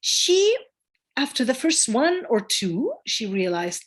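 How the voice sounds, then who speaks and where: A woman midwife talks as a guest in a conversational interview, her fairly high voice swooping up and down as she tells a story. She is emphatic and acts out the voices of the people in it, with the odd hesitant filler. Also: slow. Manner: animated storyteller who acts out quoted voices.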